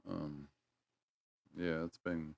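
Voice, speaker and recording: A man's voice: rumbling low, flat delivery, drawn-out words, vocal fry, no echo. A middle-aged man with a North Carolina Southern accent, chatting casually on a livestream in a rambling, folksy way and talking to his viewers. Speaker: livestream host.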